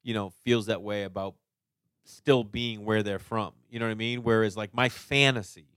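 A man with a Boston accent, a stand-up comic chatting casually as a podcast guest, animated and swearing freely. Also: fairly low pitch, normal speed, clean tone, dry recording. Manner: animated storyteller, swears, lots of "you know what I mean".

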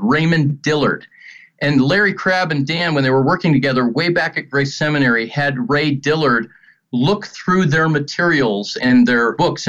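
A middle-aged man speaking earnestly about faith, telling stories with animated, acted-out quotes. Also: medium pitch. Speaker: ministry guest speaker. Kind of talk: earnest spoken teaching on faith. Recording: dull lo-fi sound.

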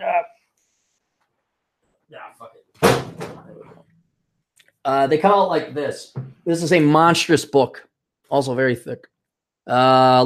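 On his solo podcast, a man in his forties rambles casually and curses freely. Every so often he ridicules others by putting on shrill voices.

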